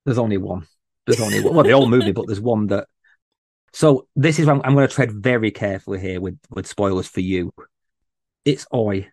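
A podcast guest, a man with a fairly quick, somewhat low and slightly mellow voice, chats casually and speaks with earnest passion about a favorite book character. The recording is dry.

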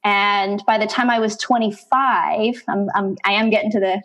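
A middle-aged woman, an interview guest, telling her life story in conversation, animated and acting out bits of past dialogue. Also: medium pitch, moderate pace.

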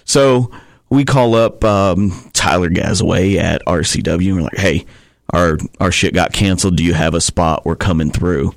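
A man's voice: low voice, normal speed, creaky, no echo, studio quality. A man telling rambling, profane stories as a wrestler guest on a podcast. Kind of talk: casual podcast storytelling.

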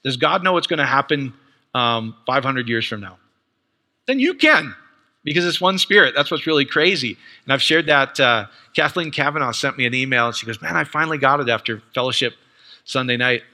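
Man, preacher, teaching sermon, animated, conversational, very bright tone. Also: medium pitch, a little fast, big-room sound. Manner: animated, excited, conversational, quotes others.

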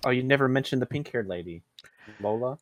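A man's voice: medium pitch, a little fast, no room sound. A young man co-hosting a podcast, adding short reactions and comments to his friend's recap. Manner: brief backchannel reactions and interjections. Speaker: podcast co-host. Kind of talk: casual chat.

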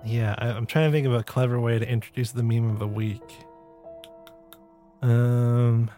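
A man's voice: medium pitch, fairly even intonation, normal speed, mellow, soft background music. A man co-hosting a podcast, chatting playfully and laughing easily. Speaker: podcast co-host. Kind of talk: casual podcast chat.

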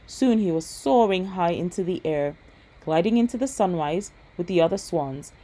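A woman reading a bedtime story aloud in a gentle, steady voice. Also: lowish voice, normal speed, low-quality recording.

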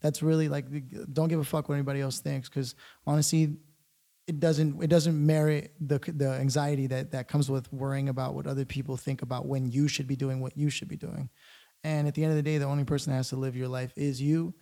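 A man's voice: medium pitch, level tone, brisk, gravelly, warm tone. A man co-hosting a podcast in casual chat, blunt and profane as he encourages listeners. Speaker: podcast co-host.

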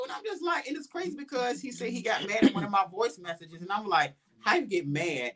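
A man's voice: high voice, fairly quick, hardly any pauses. A man hosting a podcast in casual chat, telling stories and acting out his own past lines with animation. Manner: animated storytelling, quotes himself in raised voice. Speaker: podcast host.

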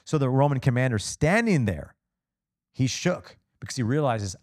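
A male pastor giving a conversational sermon, peppering the congregation with rhetorical questions and expressive asides. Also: medium pitch, moderate pace, no room sound, clean studio sound. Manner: casual and expressive.

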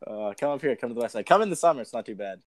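A man's voice: mid-range voice, lively intonation, very fast, no room sound. A man co-hosting a casual chat, joking and teasing with a ready laugh. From Canada. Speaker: co-host.

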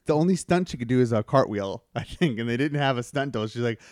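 A man co-hosting a podcast in casual chat, animated and jokey, swearing freely. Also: mid-range voice, fast talker. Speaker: podcast co-host.

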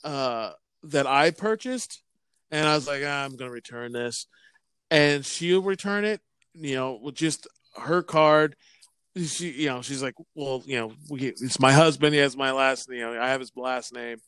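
A man's voice: mid-range voice, moderate pace, fairly bright tone, clean tone, no room sound. A man chatting casually, telling a rambling story with stops and restarts and plenty of swearing. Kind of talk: casual chat.

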